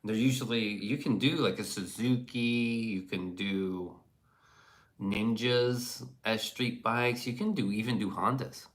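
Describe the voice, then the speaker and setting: A man's voice: fairly low pitch, unhurried. Profane casual male streamer. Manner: loose and profane, riffs on chat messages. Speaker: livestreamer reading chat.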